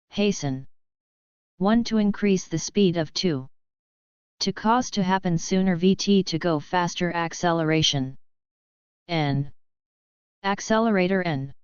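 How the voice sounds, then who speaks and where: A woman reading dictionary entries aloud in a slow, measured, list-like way. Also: lowish voice, clear, resonant tone, dry recording, highs cut off. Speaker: dictionary reader.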